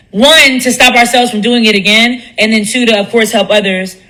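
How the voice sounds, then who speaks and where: Woman, blunt and profane live-stream ranter, bright tone. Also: fairly high pitch, moderate pace, rough recording. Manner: blunt, profane, animated, mimics others in quotes. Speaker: commentator speaking on a live stream. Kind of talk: candid monologue on a live stream.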